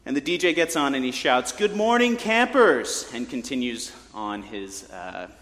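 A man's voice: medium pitch, animated, moderate pace, fairly bright tone. A man preaching a sermon from the pulpit in a conversational way, with joking asides to the congregation. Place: church sanctuary. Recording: long church reverb.

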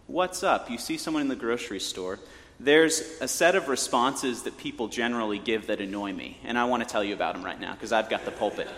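A man's voice: medium pitch, quick pace, a bit bright. Man preaching in a reverberant church. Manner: conversational, joking asides. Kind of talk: sermon. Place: church sanctuary.

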